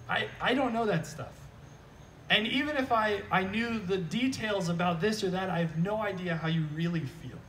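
A pastor preaches at an outdoor church service in a high voice, with a faint hiss or hum on the recording and the mic some distance away. His delivery is lively, humorous and conversational, and he often checks in with "right?"

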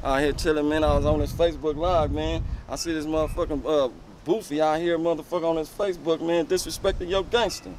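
A relaxed, rambling guy played by a man, talking outdoors on the block. His voice sits a bit high, and loud noise runs behind him. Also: quick pace, hardly any pauses, lightly acted. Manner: laid-back rambling, filler words. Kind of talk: comedic skit dialogue. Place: outdoors on a street. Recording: noisy outdoor street.

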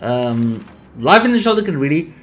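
A young man casually commenting on a survival game, reading its text aloud, laid-back and sleepy with sudden bursts of excitement. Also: on the high side, normal speed, soft background music. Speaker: streamer.

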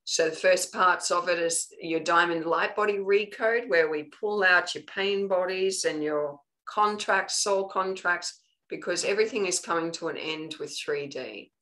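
An Australian woman leads a live online spiritual teaching session in a slightly low voice. Her delivery is earnest and coaching, and she often pauses to ask "okay?" before moving on. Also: fairly bright tone, low-quality recording.

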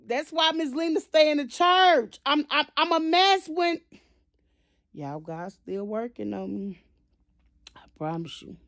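A woman vlogger venting to her viewers, emotional and swinging between quiet and loud, constantly addressing them directly. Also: fairly high pitch, no echo, studio quality. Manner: emotional, repeats "y'all" constantly. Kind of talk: venting to camera.

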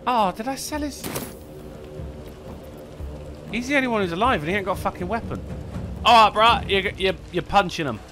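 Male streamer, bright animated voice, panicky outbursts, faint game music. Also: sits high, moderate pace, pauses often. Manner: excitable, sweary, yells in panic. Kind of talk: live game commentary.

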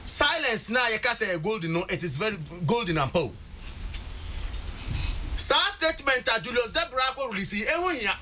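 A man's voice: very high-pitched, big pitch swings, moderate pace, pushed and bright, slight background noise. A Ghanaian man talking politics on a studio panel, emphatic and repeating words for stress. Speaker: political commentator.

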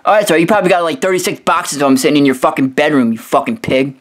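A man on a profane, aggressive rant, voice sitting a little high for a man. He swears constantly and trips over his own words, repeating the start of a phrase several times before pushing on. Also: very fast. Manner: aggressive, swearing, repetitive stammering restarts. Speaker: video host roasting another creator.

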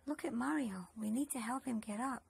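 A woman's voice: fairly high pitch, a little fast, vocal fry, husky. A woman narrating a children's puppet story, coaxing and talking straight to the boys and girls.

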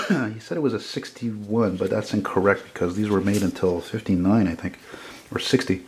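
A man's voice: fairly low pitch, a little mellow. Enthusiastic man in his forties. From Montreal, Canada. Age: 40s. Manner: rambling and enthusiastic, quick with self-corrections. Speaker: photographer selling his car prints. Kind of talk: casual sales walkthrough.

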